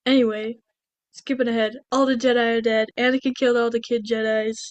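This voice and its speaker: A woman's voice: fairly high pitch, flat delivery, fairly quick, no echo, muffled recording. A woman co-hosting a podcast, recapping a movie in a rambling, chatty way full of restarts. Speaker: podcast co-host. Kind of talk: casual movie recap chat.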